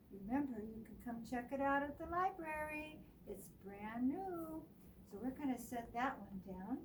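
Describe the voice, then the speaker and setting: A woman librarian reads a storybook aloud to children, bright and expressive in her telling. Her voice sits high and she takes it slowly. The mic is some way off and picks up a faint hiss of the room. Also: recorded from a distance, poor audio. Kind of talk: reading picture books aloud for children.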